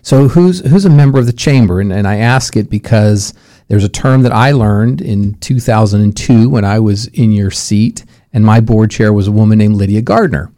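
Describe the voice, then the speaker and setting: A man's voice: on the low side, moderate pace, warm tone, dry recording, studio quality. A man interviewing a guest, asking long, hesitant questions full of fillers. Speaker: interviewer, former chamber president. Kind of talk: interview conversation.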